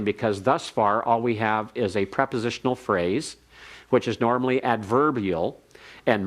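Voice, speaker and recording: A man lecturing on Hebrew grammar to a class, explaining step by step and reading phrases slowly for the students to repeat. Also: fairly low pitch, a bit bright. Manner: methodical, reads Hebrew slowly for repetition.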